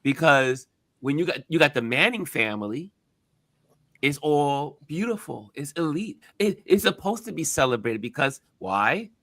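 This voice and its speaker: Male talk-show host; lively, bright, emphatic delivery. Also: on the high side, a little slow, no room sound. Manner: animated, emphatic, acts out quotes. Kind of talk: casual talk show discussion.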